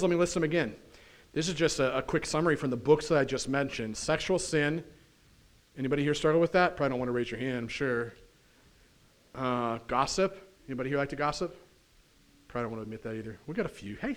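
A pastor preaching a conversational sermon in church, often putting questions to the congregation. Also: male voice, on the high side. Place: church sanctuary.

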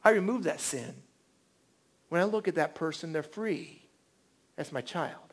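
A preacher voicing a gentle, amused Jesus. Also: male voice, a little high, animated, unhurried, breathy edge, pitched below the performer's own voice, exaggerated voice.

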